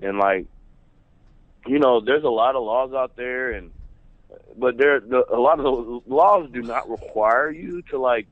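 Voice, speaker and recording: A male caller phoning into a talk show, chatting casually in a relaxed, rambling way with lots of fillers. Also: medium pitch, unhurried, no echo. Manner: relaxed, rambling, with many fillers like bro and man. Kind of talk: casual chat. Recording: dull lo-fi phone line.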